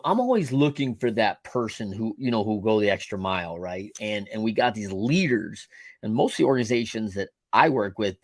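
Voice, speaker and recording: A man's voice: medium pitch, no echo. A middle-aged man hosting a podcast interview, talking casually in loose, rambling sentences full of restarts. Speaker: podcast host and coach.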